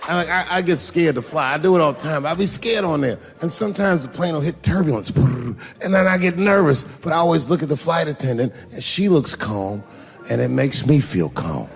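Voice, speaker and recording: A male stand-up comedian telling profane stories with animated delivery, often breaking into shouts. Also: fairly high pitch, brisk, vocal fry. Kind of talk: stand-up set. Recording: large venue with long reverb, faint noise.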